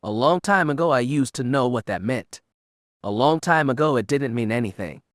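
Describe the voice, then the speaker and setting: A man's voice: mid-range voice, expressive, normal speed, no echo, clean studio sound, natural voice. A man voicing a frustrated, overworked young Jedi who speaks sharply and bitterly, read as an audiobook character.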